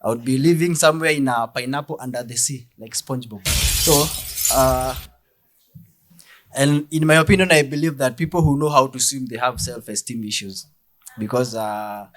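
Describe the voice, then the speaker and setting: A young Kenyan man with a Kenyan accent performing a deadpan stand-up comedy set, mixing English and Swahili. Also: mid-range voice, slight background noise.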